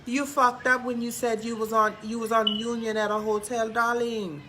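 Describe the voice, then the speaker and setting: A man's voice: very high-pitched, level tone, moderate pace, noisy background. A man voicing a brash, flamboyant female psychic hotline host with a drawl who says "darling" constantly. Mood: sassy. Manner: drawling, peppers every line with "darling".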